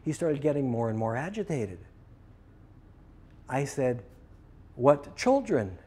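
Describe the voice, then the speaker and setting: A man's voice: mid-range voice, unhurried, mellow. A man teaching process work, telling a story as a lecture and acting out both sides of the dialogue.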